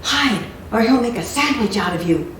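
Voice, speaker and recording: A woman's voice: on the high side, expressive, normal speed, a bit bright, a little hiss or hum. A woman voicing a huge, friendly male cook who talks cheerily, reading a storybook aloud. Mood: cheery. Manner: cheery, hearty. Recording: echoey room, mic far off.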